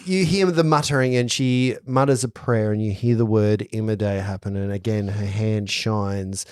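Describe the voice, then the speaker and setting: A man narrating as game master of a tabletop game, playful and quick to laugh. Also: fairly low pitch, clean tone, no room sound, studio quality.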